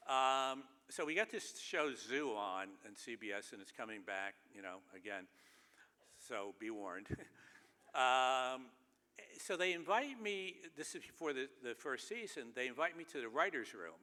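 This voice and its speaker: A man's voice: medium pitch, animated, measured pace, pushed and bright. A man giving a humorous speech on stage, telling wry, self-deprecating anecdotes in a loose, chatty way. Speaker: keynote speaker. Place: large theater stage. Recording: long reverb of a large theater.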